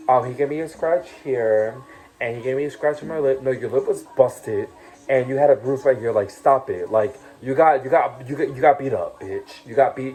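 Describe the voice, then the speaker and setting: A young reality show cast member tells his story in a casual vlog, his medium-pitched voice dark in tone over a rough recording. He rants heatedly with plenty of profanity and repeated taunts, leaning on fillers like "you know what I'm saying."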